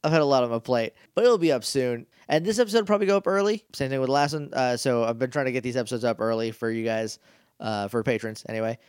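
A man's voice: medium pitch, fast talker, a little mellow, clear, resonant tone, no echo, clean studio sound. A man co-hosting a podcast, casually recapping a TV episode, rambling with many restarts. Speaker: podcast co-host.

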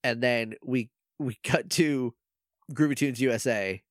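A man's voice: medium pitch, measured pace, dry recording, clean studio sound. A man co-hosting a podcast, chatting casually and playfully recapping an episode, often laughing and acting out the characters' lines. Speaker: podcast co-host.

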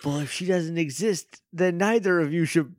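A man's voice: a little high, normal speed, no echo, studio quality. A man co-hosting a podcast, making wry jokes and asking puzzled questions in casual chat. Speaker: podcast co-host.

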